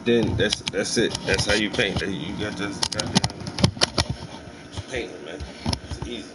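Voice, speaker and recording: A man's voice: lowish voice, unhurried. A man hosting a stream, giving rambling mock painting instructions in a casual, profane way. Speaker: stream host. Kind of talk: joking casual chat. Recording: distant mic with hum behind.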